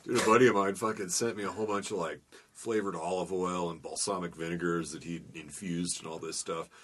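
A man's voice: deep voice, fairly even intonation, fairly quick, a bit bright, a little hiss or hum. A man telling wry, profane anecdotes in casual chat.

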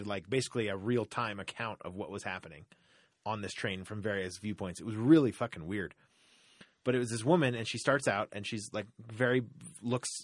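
A man's voice: on the low side, no echo, studio quality. A man telling a long story in a casual, profane, rambling way, full of fillers. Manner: profane, rambling, animated retelling with many fillers.

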